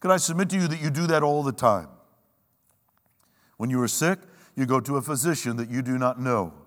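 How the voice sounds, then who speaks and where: A man with a mid-range voice preaches a sermon emphatically, using dramatic pauses and slowing to a weighty delivery when quoting scripture. The recording has the long reverb of a large hall.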